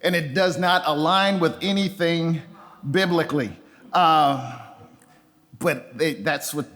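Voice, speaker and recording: A male pastor in his sixties preaching a sermon in a church. He talks in a conversational, animated way and acts out little voices with sudden jumps in pitch. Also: slow, long pauses, long reverb tail. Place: church sanctuary.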